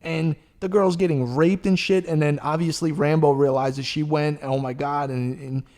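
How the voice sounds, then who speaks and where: Profane, rambling man with a higher voice. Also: normal speed. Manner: rambling, profane, animated storytelling. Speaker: podcast host. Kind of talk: casual chat.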